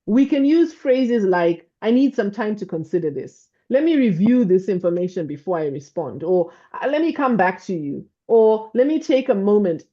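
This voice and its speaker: A woman guest speaker giving a calm, measured online talk, often checking in with "right?". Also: mid-range voice, highs cut off.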